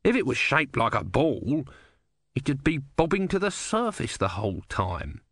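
A man's voice: mid-range voice, big pitch swings, measured pace, a bit bright, no room sound, clean studio sound, pitched above the performer's own voice, exaggerated voice. A man voicing a small, grumpy god trapped as a tortoise, talking sarcastically and complaining in an audiobook. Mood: peevish. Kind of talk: audiobook character voice.

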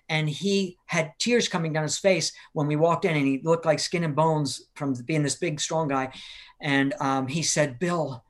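A man's voice: on the high side, a bit bright. An older man earnestly telling a personal testimony in an interview, urgent and acting out the people he quotes. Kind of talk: earnest storytelling in a live-streamed interview.

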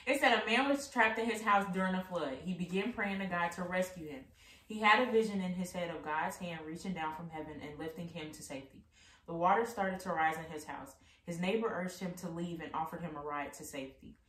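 A woman's voice: on the low side, a bit bright. A woman hosting a casual faith discussion podcast, chatty and saying "like" often. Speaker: podcast host. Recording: echoey room, mic at a distance.

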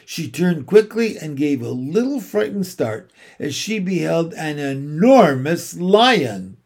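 A man narrating a children's storybook at an unhurried pace. His reading is expressive, with a slightly high voice that rises and falls freely. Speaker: audiobook narrator. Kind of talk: storybook read aloud.

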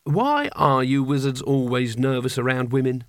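A man voicing a sharp-tongued young woman warrior who speaks bluntly and sounds exasperated. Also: medium pitch, animated, normal speed, no room sound, clean studio sound, lightly acted.

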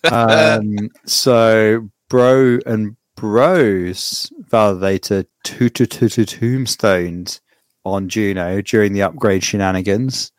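A man's voice: on the low side, steady tone, slow, no echo. A man hosting a podcast, wry and dry, steering the segments in casual chat. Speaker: podcast host.

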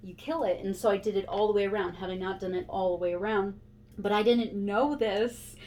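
A woman's voice: medium pitch, fairly quick, a little hiss or hum. A woman hosting a podcast in casual chat, telling a story with lots of laughter. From Montana. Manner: giggly, animated storyteller. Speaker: podcast host.

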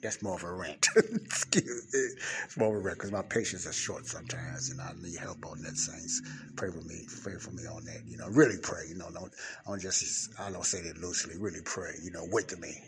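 A man giving an informal podcast Bible teaching in a library study room, rambling and repeating himself while keeping his voice low, close to the mic. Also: fairly even intonation, a little fast, vocal fry, a crowd in the background. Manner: rambling, repeats and restarts words, talks low and quiet. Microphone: speaking close to the mic. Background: faint passing traffic.

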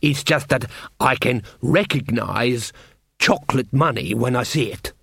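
A roguish dwarf adventurer, as a male narrator puts him on, drawling his lines slowly and flatly. He sounds unbothered and dry, recorded close with no room sound. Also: mid-range voice, vocal fry, slightly rough, no echo, exaggerated voice. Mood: deadpan. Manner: slow, dry, matter-of-fact.

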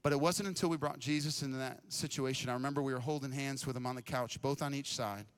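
On a church stage, a young adult man serving as a pastor preaches a sermon, telling a story in a casual, energetic way and often repeating words. His mid-range voice is smooth and fast.

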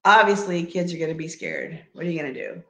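A woman's voice: on the low side, fast talker, a bit bright. A middle-aged woman, the mother of the hosts, chatting casually as a guest and laughing as she tells stories. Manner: laid-back, laughing storyteller. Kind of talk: casual chat. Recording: echoey room.

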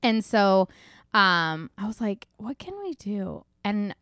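A chatty woman in her thirties talking casually on a faith podcast. Her voice is smooth and resonant, recorded close and dry with no room sound. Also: mid-range voice, lively intonation, slow pace, a bit bright, no echo. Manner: chatty, many fillers like "like" and "you know". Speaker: podcast co-host.

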